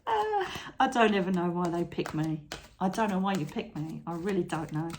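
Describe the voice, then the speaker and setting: A woman's voice: on the low side, animated, brisk, slight background noise. A woman doing a chatty tarot reading to camera, encouraging and fond of tag questions like "okay?". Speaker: psychic tarot reader.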